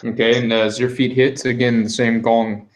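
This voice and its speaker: A man running a tabletop game as game master, describing scenes with many pauses and fillers. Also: medium pitch, level tone. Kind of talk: narrating a tabletop game online.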